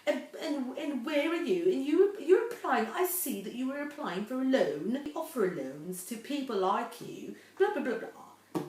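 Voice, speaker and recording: A woman's voice: high-pitched, lively intonation, moderate pace, a little mellow, slight background noise, voice pushed up. A woman mimicking a pushy female phone scammer, with a put-on Cockney accent and a brash, insistent manner. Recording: roomy echo, distant mic.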